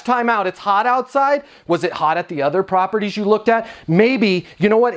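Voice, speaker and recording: High-voiced man giving punchy coaching. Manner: punchy, emphatic, acts out quick dialogue examples. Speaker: property leasing trainer. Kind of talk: energetic coaching talk to camera.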